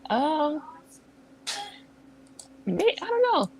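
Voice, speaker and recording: A woman's voice: high-pitched, big pitch swings, drawn-out words, a little mellow, a little hiss or hum, low-quality recording. A woman calling in to a livestream, blunt and sarcastic, laughing often. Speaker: caller. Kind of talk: casual call-in chat.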